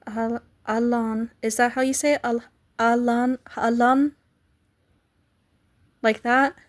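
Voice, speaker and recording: Slow-talking, giggly woman streamer. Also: on the high side, steady tone. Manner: chatty, giggly, playful, trying out foreign words. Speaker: live streamer. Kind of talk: casual chat with live viewers.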